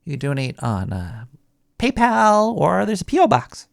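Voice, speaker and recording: A jittery, paranoid sewer rat hosting his own late-night call-in show, as a man puts on the voice. His mid-pitched voice is gravelly with a creaky edge, and he rambles and restarts his sentences. The sound is dry and close, with no room around it. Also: wildly swooping pitch, normal speed, dry recording, full character voice. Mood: rambling. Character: paranoid male cartoon sewer rat host. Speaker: radio show host.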